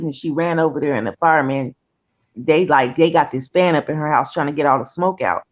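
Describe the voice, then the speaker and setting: Brief: woman, casual and profane, animated retelling, muffled lo-fi audio. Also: low-pitched, a little fast. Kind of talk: casual chat, storytelling.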